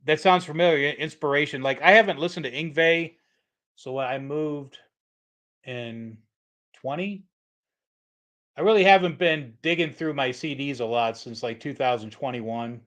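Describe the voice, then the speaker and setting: A man's voice: on the high side, moderate pace, a bit bright. A middle-aged man hosting a casual guitar livestream, rambling with lots of fillers and restarts. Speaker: livestream host, guitar tech.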